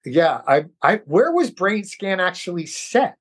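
A man's voice: sits high, unhurried, breathy edge. A middle-aged man from New York, an actor guest, telling stories in a casual interview and acting out the voices of people he quotes. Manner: animated, acts out quoted voices.

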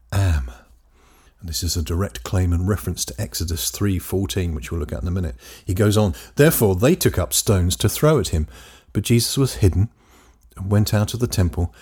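A man teaching a Bible lesson, reading scripture aloud emphatically with dramatic pauses. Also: fairly low pitch, darkish tone, husky.

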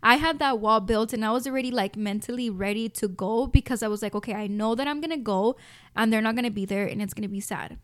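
A young woman with a Mexican American accent, slightly high-pitched, talks straight to her listeners in a heartfelt, reflective monologue. She sounds choked up with emotion, and the sound is dry and close with no room echo. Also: fast, a bit bright. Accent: Mexican American English with Spanish mixed in. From United States. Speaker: podcast host.

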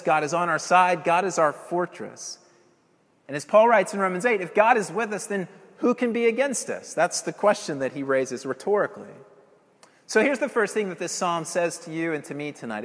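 In the evening, a male preacher gives an earnest, emphatic sermon, driving his points home with rhetorical questions. His voice is a bit high for a man, with a fairly bright tone. Each phrase trails off into a long, church-hall reverb.

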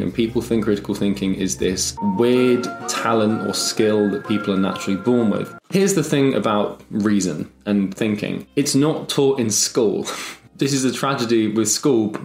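A young man with a lowish voice giving casual business-coaching talk, stacking quick rhetorical questions and dropping the odd swear word. The room is echoey, with faint music playing underneath. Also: a little mellow. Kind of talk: casual talking-head business advice.

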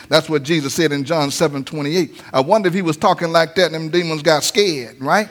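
A pastor preaching a lively sermon to his church, acting out voices and laughing often. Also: fairly high pitch, brisk, hardly any pauses. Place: church sanctuary.

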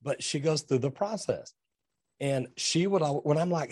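A man talking as a podcast guest, direct and animated, acting out bits of dialogue as he explains. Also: mid-range voice, normal speed, slightly rough, no echo. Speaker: guest, trade business owner. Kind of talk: casual podcast conversation.

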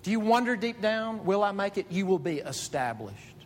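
A man preaching a sermon as pastor, animated, climbing to emphatic high peaks. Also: normal speed. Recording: reverberant hall with faint rumble.

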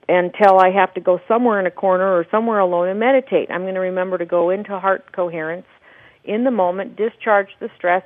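A woman's voice: fairly low pitch, dry recording. Woman on a tinny phone line. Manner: earnest, explanatory, laughs often. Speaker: guest, documentary producer and spiritual teacher. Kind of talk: radio interview.

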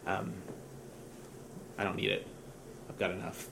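A man's voice: low voice, sing-song, unhurried, gravelly, noisy background. A young man preaching as a pastor, telling a story in a casual, self-mocking way and laughing at himself. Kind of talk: sermon storytelling.

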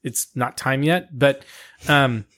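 A man's voice: medium pitch, slow pace, fairly bright tone. A middle-aged man co-hosting a podcast in casual chat, rambling and joking with plenty of fillers. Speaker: podcast co-host.

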